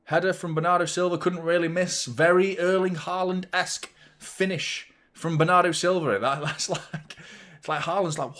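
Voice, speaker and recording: Man, football watchalong host, casual live commentary, sweary, animated. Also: high voice, moderate pace. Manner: animated, sweary banter with a laughing tone.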